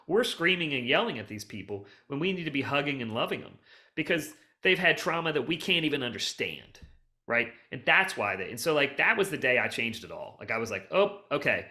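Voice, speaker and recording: A middle-aged man, a hoarding cleanup expert, telling long rambling stories on a casual podcast. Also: a little high. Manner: rambling, animated storyteller who restarts and jumps around. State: emotional, close to tears.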